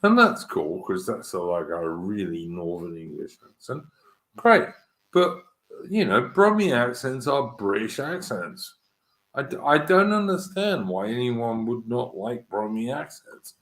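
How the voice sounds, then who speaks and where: A man's voice: medium pitch, sing-song, unhurried, a bit bright, roomy sound, poor audio. A man hosting a casual chat, blunt and matey, swearing freely. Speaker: host.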